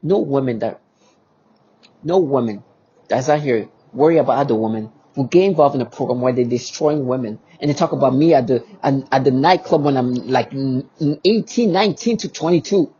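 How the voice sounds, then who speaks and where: A man's voice: mid-range voice, brisk, dark tone, slightly rough, lo-fi sound. A man speaking in an agitated monologue to camera. He talks emphatically and repeats himself, with many restarts and rhetorical questions. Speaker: vlogger.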